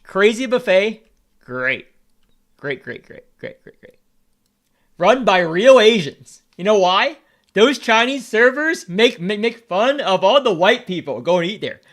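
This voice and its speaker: A man's voice: high voice, very animated, a little slow, a bit bright. A Vietnamese American man streaming, rambling in casual chat, repeating words and swearing freely as he talks. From United States.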